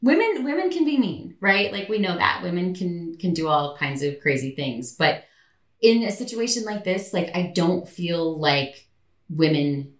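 A woman's voice: on the low side, lively intonation, unhurried. A woman co-hosting a podcast, chatting casually and reading a news story aloud with amusement. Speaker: podcast co-host. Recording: echoey room, distant mic.

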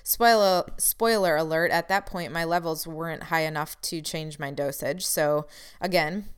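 A woman's voice: sits low, normal speed, smooth. A woman telling a personal story in a candid, frustrated way, with wry asides.

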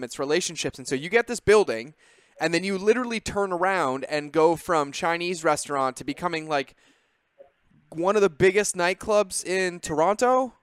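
A man's voice: high-pitched, normal speed, fairly bright tone, smooth, no echo. A man hosting a podcast in an enthusiastic, affirming way, chatting casually with his guest. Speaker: podcast host. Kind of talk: casual interview chat.

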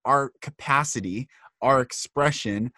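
Man, interview host, affirming, reflective, medium pitch, dry close sound. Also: measured pace, sharp tone, no room sound. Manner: affirming and reflective, quotes sayings and scripture. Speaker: podcast host. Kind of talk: conversational interview.

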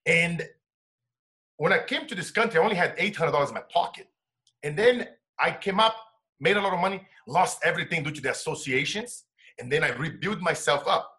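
A middle-aged man sharing a personal story as an interview guest, emotional and dropping to a hush for quoted words. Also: fairly high pitch. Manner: emotional, drops to a hushed voice when quoting his wife.

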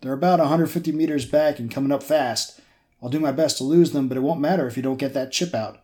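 A man's voice: medium pitch, fast talker, a little mellow, close to an everyday voice. Wry male driver under pressure, a man reading it in his own voice. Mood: tense.

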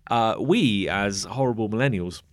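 A man's voice: lowish voice, normal speed, no room sound, clean studio sound. A man in his thirties, co-hosting a podcast in casual, wry chat. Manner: animated, wry, drops into mock voices. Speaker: podcast co-host.

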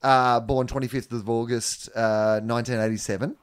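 A man's voice: mid-range voice, level tone, moderate pace, clean tone. A man co-hosting a casual chat podcast, reading web text aloud and breaking off with joking asides. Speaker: podcast co-host.

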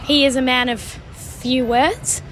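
A woman's voice: sits high, steady tone, slow pace, fairly bright tone, a little hiss or hum. A young woman co-hosting a podcast, recording a chatty message in a wry, self-deprecating way. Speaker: podcast co-host.

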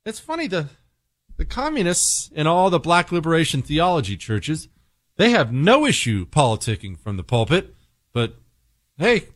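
A man's voice: big pitch swings, normal speed, no room sound. A man hosting a radio talk show, ranting sarcastically and reading sponsor spots in an earnest tone. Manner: sarcastic, swings between mocking high tones and low earnest pitch. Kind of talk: opinionated radio monologue.

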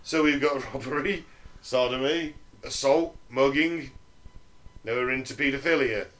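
A man, a podcast co-host, telling a dark story in a sweary, joking way to friends. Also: medium pitch, unhurried, recorded from a distance, rough recording. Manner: sweary, jokey, laughs mid-story.

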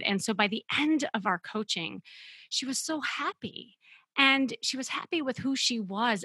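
Bright, husky-voiced woman podcast host. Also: mid-range voice, no echo. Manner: animated, emphatic storyteller. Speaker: podcast host and dating coach. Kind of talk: storytelling podcast monologue.

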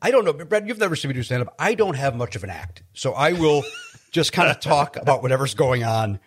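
A comedian from Chicago talks as a podcast guest, his voice sitting a bit higher than most men's. He rambles and stumbles over his starts, poking fun at himself as he tells stories. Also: expressive, fairly quick, husky. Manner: rambling, self-deprecating, repeats words when starting. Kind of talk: casual interview chat.

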